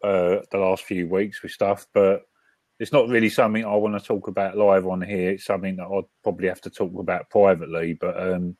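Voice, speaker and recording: Low-voiced British man, dry sound. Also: little pitch movement, darkish tone, no room sound. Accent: British English. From Britain. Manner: hesitant, halting with restarts and fillers. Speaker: host. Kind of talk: casual live-stream chat. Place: front room at home.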